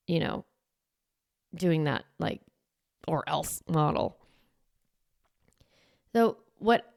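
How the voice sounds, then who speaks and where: A woman's voice: low-pitched, clean tone, no room sound, studio quality. A middle-aged woman coaching parents, speaking casually to camera in a chatty way with lots of "like". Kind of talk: casual talk to camera promoting a course.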